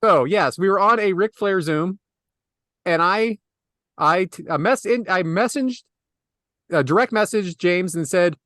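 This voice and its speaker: A man with a fairly high voice co-hosts a casual podcast. He chats loosely and laughs often between listener questions. The sound is dry and close-miked. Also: measured pace, pauses often, fairly bright tone, no echo. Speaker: podcast co-host.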